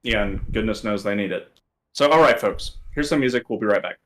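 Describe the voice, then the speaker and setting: A man co-hosting a casual video game podcast, talking in a relaxed, rambling way with many fillers. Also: lowish voice, brisk. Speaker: co-host. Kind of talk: casual gaming podcast chat.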